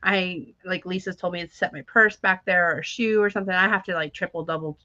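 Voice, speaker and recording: A woman's voice: lowish voice, steady tone, fast talker, pushed and bright, no echo. A woman in her thirties co-hosting a casual chat, telling rambling stories, laughing often and acting out what others said. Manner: chatty storyteller who laughs often and acts out quotes. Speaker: podcast co-host. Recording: slightly dull dry recording.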